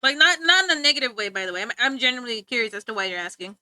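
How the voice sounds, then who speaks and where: A woman livestreamer chatting with her viewers, giggly and talkative. Her voice sits high and bright, leaping around in pitch as she reacts. The sound is dry and close, with no room around it. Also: animated, very fast, clear, resonant tone, no room sound. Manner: chatty, giggly, talks back to chat. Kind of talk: casual livestream chat.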